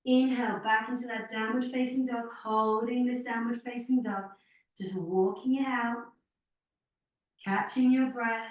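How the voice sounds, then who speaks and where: A woman guides a Pilates class at an unhurried pace, calling out counts and quick encouragement while slightly out of breath. Her voice sits a bit high. She is heard from a distance in a strongly echoing room. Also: steady tone. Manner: counts reps aloud with short encouraging cues. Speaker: Pilates instructor. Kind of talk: guided workout instruction. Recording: very echoey room, speaker away from mic.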